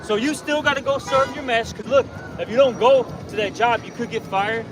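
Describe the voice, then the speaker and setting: A man's voice: very high-pitched, a little fast. A man preaching in the street, confrontational and emphatic, often checking with "okay?". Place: outdoors on a city street. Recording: distant outdoor recording with street noise.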